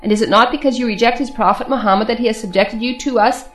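A woman's voice: on the high side, quick pace, a bit bright, soft background music, lightly acted. A woman reading the lines of a scheming male court philosopher who argues and challenges. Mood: challenging. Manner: argumentative, challenging.

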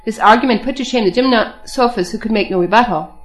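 A woman reading aloud an old saint's life in a measured, formal storytelling manner. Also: fairly high pitch, faint music behind. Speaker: narrator.

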